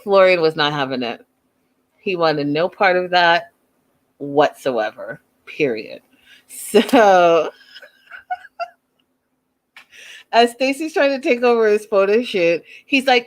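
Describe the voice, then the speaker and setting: A woman hosting a casual reality TV recap, chatty and animated, acting out the people she quotes. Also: lowish voice, slow pace, pauses often. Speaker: show recap host.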